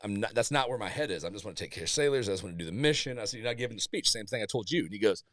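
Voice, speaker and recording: A man's voice: on the low side, animated, very fast, hardly any pauses, fairly bright tone, no room sound, studio quality. A man in his forties, a Navy master chief, telling blunt, profane stories in a casual podcast chat and laughing often. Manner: candid storytelling, swears freely, laughs often.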